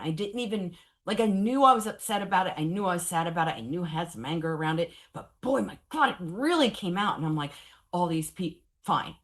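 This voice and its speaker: A woman in her forties leads a professional training session on traumatic grief. Her voice sits low, and she talks with candid, animated energy and a wry sense of humor. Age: 40s.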